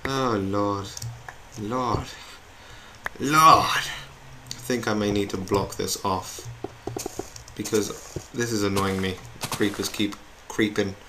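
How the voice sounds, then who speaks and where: A man's voice: lowish voice, steady tone, slow. Chatty young man gaming. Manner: chatty, rambling, self-mocking. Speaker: gamer. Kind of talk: gameplay commentary. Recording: noisy home recording with keyboard clicks.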